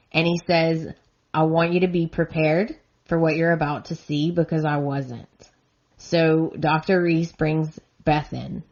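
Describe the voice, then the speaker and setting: A woman's voice: low voice, darkish tone, muffled recording. A woman podcast host giving an earnest, emotionally invested recap that turns indignant at times.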